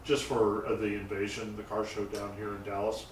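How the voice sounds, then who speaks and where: A man's voice: on the low side, monotone, moderate pace. A man who builds and paints custom cars, telling shop stories in a loose, rambling way with lots of fillers and restarts. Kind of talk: casual interview talk. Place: garage shop. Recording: roomy echo, mic set far off, faint noise.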